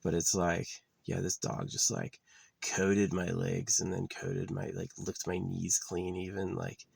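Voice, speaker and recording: A man with a gravelly, husky, low-pitched voice rambles profanely in a casual monologue recorded outdoors at his camp spot, now and then dropping to a near-whisper. He speaks at a measured pace with little pitch movement and a slightly mellow tone, and there's no echo.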